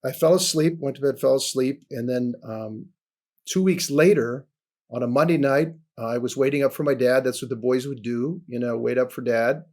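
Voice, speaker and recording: A man in his sixties, guesting on a podcast, tells his personal testimony in an earnest storytelling style. He often lets his voice fall soft and low, keeping a moderate pace.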